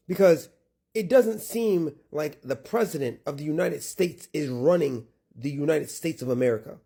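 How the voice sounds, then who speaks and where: A man with a mellow, slightly raised voice rants indignantly. He fires off rhetorical questions and swears as he goes. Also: fairly high pitch, slightly rough. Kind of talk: angry political rant.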